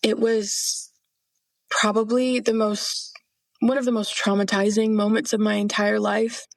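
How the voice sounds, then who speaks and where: A young woman speaks with a gravelly, fry-touched voice at a middle pitch, recorded close and dry. She recounts her testimony earnestly, full of fillers and quoted dialogue. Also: little pitch movement, measured pace, no room sound. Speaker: podcast guest. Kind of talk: personal testimony in an interview.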